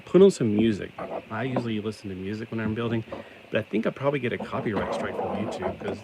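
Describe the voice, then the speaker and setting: Middle-aged male vlogger, low voice, loose self-mocking banter, steady background noise. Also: fast talker. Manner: chatty, self-deprecating, joking asides. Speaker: toy-building vlogger. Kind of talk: casual rambling chat while building.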